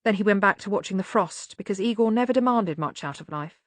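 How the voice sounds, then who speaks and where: A woman reading an audiobook in measured, even narration. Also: mid-range voice, dry recording.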